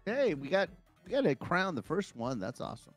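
A man's voice: high-pitched, very animated, fairly quick, no room sound, soft background music. A man chatting casually and joking with friends while playing an online game, teasing and playful. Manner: playful, jokey, swings between loud and quiet. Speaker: gaming friend. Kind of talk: casual gaming chat.

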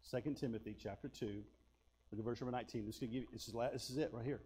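A man preaching a sermon, telling folksy personal stories and swinging between loud bursts and hushed asides. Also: medium pitch, fairly even intonation, racing, slight background noise. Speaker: pastor.

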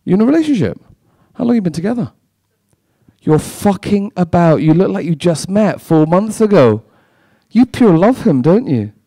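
A man doing stand-up comedy, trading sweary, quick banter with a live audience. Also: sits high, sing-song, warm tone, no echo, clean studio sound. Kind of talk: stand-up comedy with crowd work.

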